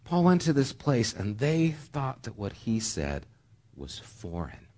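A man's voice: medium pitch, huge pitch swings, slow pace, a little mellow. A man preaching a sermon as pastor, talking in a conversational way with joking asides.

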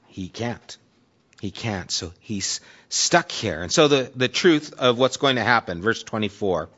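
A pastor preaches a conversational sermon, reading scripture aloud with dramatic emphasis. His voice is on the low side, a little slow, and fairly bright, captured in a dull lo-fi recording.

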